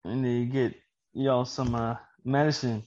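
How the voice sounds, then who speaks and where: A man's voice: medium pitch, steady tone, measured pace, darkish tone, highs cut off. A young man co-hosting a casual podcast, teasing with dry jokes. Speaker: podcast co-host. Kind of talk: casual chat.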